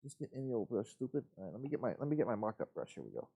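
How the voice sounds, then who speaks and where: A man's voice: mid-range voice, rapid-fire, dark tone, slightly rough, dry recording, clean studio sound. A man hosting a live model-building stream, chatting casually and rambling to himself as he works, in an easygoing, folksy way. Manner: rambling, talks to himself while working.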